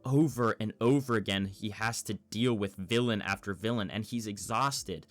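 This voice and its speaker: A man narrating a fan story in a measured storytelling manner. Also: on the low side, no room sound, faint music behind.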